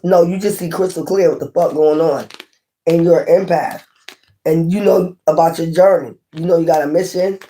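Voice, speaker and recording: A tarot reader with a fairly low pitch and dark tone gives an informal reading to camera. Profane and blunt, she talks with passion, circling back to her points and asking viewers questions.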